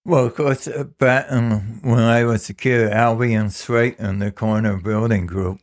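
Lowish man, casual chat, short plain memories of the old days. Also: steady tone, unhurried. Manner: brief, matter-of-fact recollections. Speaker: longtime resident guest. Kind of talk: casual reminiscing conversation.

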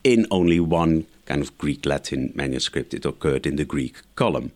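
A man's voice: rumbling low, animated, moderate pace. A man, a scholar guest in an interview, giving methodical explanatory answers point by point. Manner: lecturing, methodical, enumerates points.

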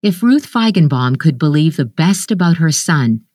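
A woman narrating a literary short story in a measured, even storytelling manner. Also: low-pitched, no echo, studio quality.

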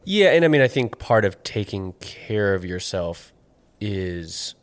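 A man with a fairly low voice hosts a relaxed conversation. He responds thoughtfully and supportively, with a loose, filler-heavy way of speaking. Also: unhurried. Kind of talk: casual conversation.

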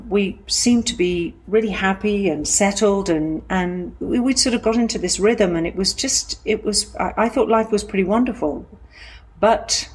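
A middle-aged woman telling a personal story from her own life, in a halting, reflective way with frequent restarts. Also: medium pitch.

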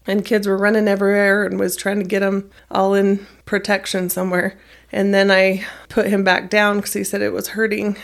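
A middle school math teacher, a woman with a medium-pitched voice, calmly recounts a personal experience in an interview. She is measured and plain-spoken.

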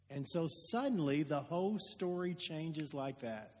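High-voiced preacher in a reverberant hall. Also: male voice, animated, measured pace, few pauses. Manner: storytelling, rhetorical questions, swings from loud to hushed. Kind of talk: sermon.

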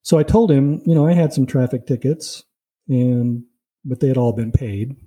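A man's voice: medium pitch, steady tone, moderate pace, warm tone, low-quality recording. A man teaching a Bible lesson in a conversational way, telling personal stories and driving his points home with "see" and "you know.".

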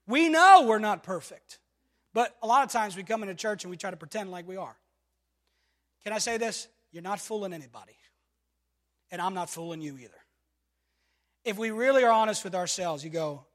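A man with a very high voice preaches a sermon in a church hall, and his words ring out with a long reverb. He jumps from loud, shouted lines to near-hushed ones and keeps calling on the congregation with repeated refrains. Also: moderate pace, long pauses. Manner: repetitive rhetorical calls to the congregation. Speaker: pastor. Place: church sanctuary.

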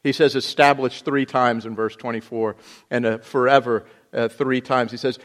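A male pastor delivers a sermon in an earnest, steady manner. His voice sits at a middle pitch, growing emphatic at points and then settling into quieter reflection. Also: moderate pace. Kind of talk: sermon with scripture reading.

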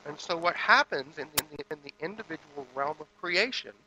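A man minister giving a sermon that moves from a hushed guided meditation into lively storytelling. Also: on the high side, fairly quick, low-quality recording.

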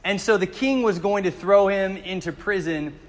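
A slightly high-voiced man preaching a sermon, his voice carrying a long reverb as in a large hall. He talks in a loose, joking, storytelling way, like chatting with the congregation. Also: moderate pace. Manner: conversational storytelling with jokes. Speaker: pastor.

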